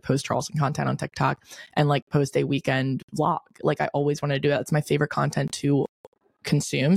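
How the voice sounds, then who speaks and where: Chatty woman in her twenties, gravelly. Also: deep voice, dry recording, clean studio sound. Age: 20s. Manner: chatty, lots of "like" fillers, animated retelling. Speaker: podcast host. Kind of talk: casual storytelling monologue.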